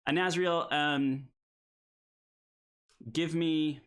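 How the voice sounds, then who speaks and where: A man's voice: a little high, steady tone, drawn-out words, a bit bright, clear, resonant tone. A man narrating as game master of a tabletop game, hesitant with many filler sounds.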